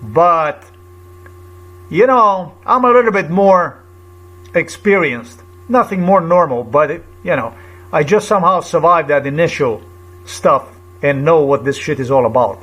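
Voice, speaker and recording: A man with a slightly high voice recounts a run-in in a loose, rambling way. He stops and restarts often and repeats phrases while he searches for words. An agitated, indignant edge runs through his talk. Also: animated, fairly bright tone. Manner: halting, repetitive, searching for words. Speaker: vlogger. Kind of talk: rambling personal account.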